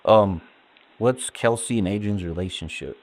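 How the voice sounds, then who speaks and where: A man with a very low, deep voice questioning someone as a detective in a police interview. He keeps his questions calm and methodical. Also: moderate pace.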